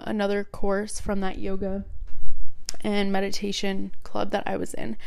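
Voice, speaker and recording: A woman's voice: mid-range voice, vocal fry, dry recording, clean studio sound. A young woman talking casually about meditation, chatty and rambling, often correcting herself. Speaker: meditation podcaster. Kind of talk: casual solo talk.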